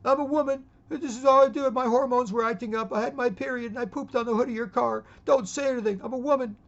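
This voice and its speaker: A man's voice: very high-pitched, fairly even intonation, fast talker, voice pushed up. A man voicing an obnoxious man who shrilly insists he is a woman, in a squealing put-on voice. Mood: indignant. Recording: dull lo-fi recording.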